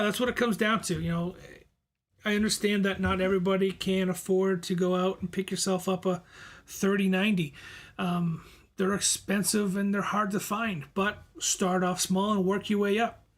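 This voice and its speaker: A relaxed man with a Boston accent hosts a live stream and chats with his viewers. His voice sits high but stays level, with little rise and fall. He often restarts and repeats words as he answers. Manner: reads viewer comments aloud and answers them; laid-back, friendly, repeats words and restarts. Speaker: livestream host reading chat. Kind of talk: casual live chat.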